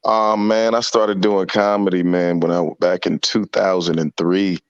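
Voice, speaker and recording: A man's voice: low-pitched, flat delivery, unhurried, no room sound, lo-fi sound. A man in his thirties from Virginia, a comedian guest chatting playfully on a radio show and dropping into voices. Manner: playful, slips into impressions and voices. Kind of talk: casual radio interview chat. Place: remote call into radio show.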